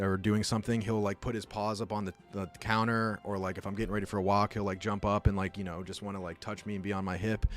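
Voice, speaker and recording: A young man telling a rambling, casual story full of fillers, talking as a podcast host. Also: fairly low pitch. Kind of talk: casual chat.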